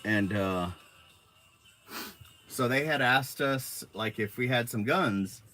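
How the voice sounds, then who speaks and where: A man's voice: mid-range voice, takes it slowly, sharp tone, soft background music. A man from Arizona telling rambling stories on a casual live stream into his phone, laid-back and swearing freely.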